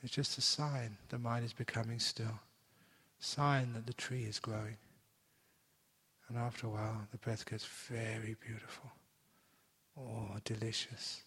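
Playful monk in a reverberant hall. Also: male voice, mid-range voice, level tone, husky. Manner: gentle, playful, slows down for emphasis. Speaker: meditation teacher. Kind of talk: dharma talk.

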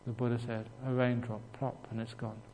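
A man's voice: medium pitch, level tone, moderate pace, darkish tone, a little hiss or hum. English man giving a humorous dharma talk in a hall. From England. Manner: humorous storytelling with frequent chuckles. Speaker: Buddhist monk teacher. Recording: reverberant hall with faint ambience.

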